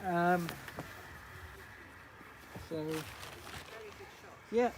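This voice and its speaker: A man's voice: sits high, extremely slow, background noise. Chatty teenage boy spotting planes outdoors. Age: teens. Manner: chatty, rambling, laughs often. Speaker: planespotting livestreamer. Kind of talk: casual live commentary. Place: outdoors at an airport viewing park.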